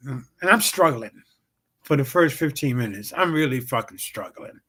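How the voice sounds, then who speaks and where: A man's voice: mid-range voice, normal speed, a bit bright. A comedian hosting his own show tells a rambling, profane story full of fillers and repeated "bam, bam". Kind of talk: casual storytelling on a livestream show.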